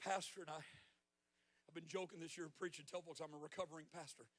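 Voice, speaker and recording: A man in his fifties preaching a sermon as a guest preacher at a church service, telling stories with joking asides and rising to shouted peaks. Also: fairly high pitch, fairly even intonation, quick pace. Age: 50s.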